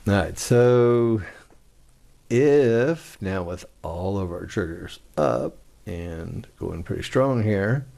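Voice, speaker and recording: A man with a low, gravelly voice talks through market charts in an easy, conversational way. He explains his trades step by step, now and then acting out a frustrated trader. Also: expressive, takes it slowly, warm tone. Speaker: trading instructor. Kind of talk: screen-share trading walkthrough.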